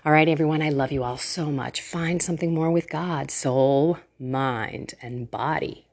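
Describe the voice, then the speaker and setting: A middle-aged woman talking into her phone at home, an earnest and emotional faith vlogger who chats warmly and laughs often. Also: sits low, unhurried. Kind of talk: casual devotional talk to camera. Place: at home, indoors.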